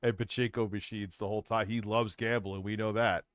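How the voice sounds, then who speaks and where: Low-voiced man mocking on a stream. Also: level tone, brisk, a bit bright, clean tone, dry recording, studio quality. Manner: mocking, laughs often. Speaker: stream co-host. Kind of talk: casual commentary chat.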